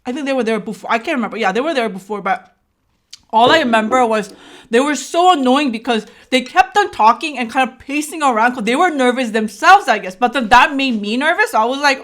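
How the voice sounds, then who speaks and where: A woman's voice: sits high, animated, a little fast, fairly bright tone. A woman vlogger telling a personal story in a casual way. She acts out the dialogue and keeps checking in with "right?".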